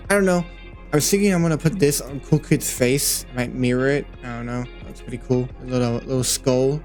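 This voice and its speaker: Man, casual work narration, rambling, fillers, playful, middle pitch, faint music. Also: fairly quick. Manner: rambling, thinking aloud, frequent fillers; easily excited, playful. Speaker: 3D animator and creator.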